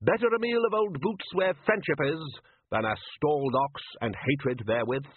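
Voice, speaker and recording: A man's voice: fairly high pitch, moderate pace, a little hiss or hum, pitched above the performer's own voice, natural voice. A man voicing a vague, genteel older beggar who speaks politely in an audiobook. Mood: dreamy. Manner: polite and well-spoken. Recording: tinny phone-like narrow band, dry.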